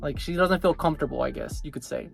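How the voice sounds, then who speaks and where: Rambling man with a slightly high voice. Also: fast talker, gravelly, soft background music. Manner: rambling, filler-heavy, animated retelling. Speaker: anime reviewer. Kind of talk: casual episode recap.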